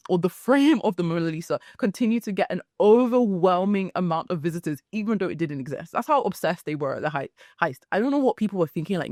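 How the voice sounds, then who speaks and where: A young woman hosting a solo podcast, telling stories in a chatty, animated way with frequent asides. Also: lowish voice, dry recording, studio quality. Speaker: podcast host. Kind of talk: casual solo podcast chat.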